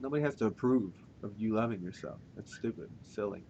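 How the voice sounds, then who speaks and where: A man's voice: fast, mellow. Laid-back swearing podcast guy. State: dry mouth. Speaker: podcast co-host. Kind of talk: casual chat. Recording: dull lo-fi recording with faint rumble.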